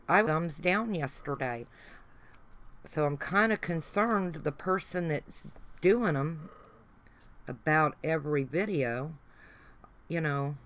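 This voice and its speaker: A woman's voice: deep voice, a bit bright. A middle-aged woman with a Southern accent, chatting folksily to her livestream viewers while she works on a craft project. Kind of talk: casual chat while crafting.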